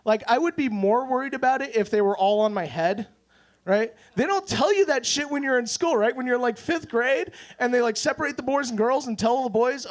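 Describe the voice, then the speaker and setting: A man's voice: extremely high pitch, a little fast. A man in his twenties doing a self-deprecating stand-up set at an open mic. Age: 20s. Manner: deadpan, self-deprecating, with quoted voices. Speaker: stand-up comedian.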